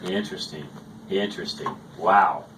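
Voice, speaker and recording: A man hosting a radio talk show, reacting briskly with short replies. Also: low-pitched, a bit bright. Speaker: radio host. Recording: distant mic, faint background noise.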